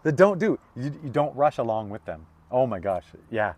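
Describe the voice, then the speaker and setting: A man's voice: mid-range voice, very animated, moderate pace, a little mellow. A middle-aged man giving a casual, heartfelt tarot reading that wanders through stories, with many stops and restarts. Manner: rambling, emotional, with many restarts and self-interruptions. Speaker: tarot reader.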